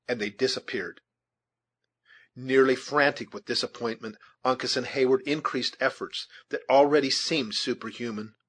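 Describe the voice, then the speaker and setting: A man reading a novel aloud in a steady, measured narration. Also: medium pitch, breathy edge. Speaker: audiobook reader. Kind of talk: scripted narration.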